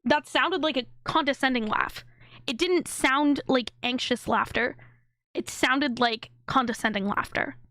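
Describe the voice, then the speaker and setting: A woman's voice: high voice, a little slow, fairly bright tone, dry recording, studio quality. A woman streamer giving live reaction commentary on a video, blunt and indignant, swearing freely.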